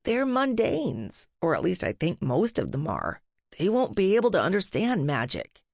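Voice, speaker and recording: Rufus is a patient, gentle tiny black tomcat familiar, voiced by a woman narrating the story. He explains things in a calm, reasoning way, close and dry. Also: fairly low pitch, normal speed, creaky, no echo, full character voice.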